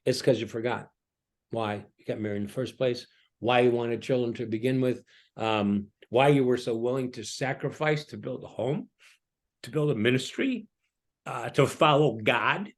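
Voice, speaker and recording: A middle-aged man, a pastor, talking through a reflective sermon-style message with many ums and restarts. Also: medium pitch. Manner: halting, with frequent ums and restarts. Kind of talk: reflective preaching talk.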